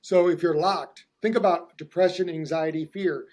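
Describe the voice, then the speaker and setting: A man's voice: on the high side, steady tone, normal speed, darkish tone. A middle-aged man hosting a podcast, explaining with enthusiasm in long run-on thoughts. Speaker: host, hypnotherapist. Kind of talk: casual podcast conversation.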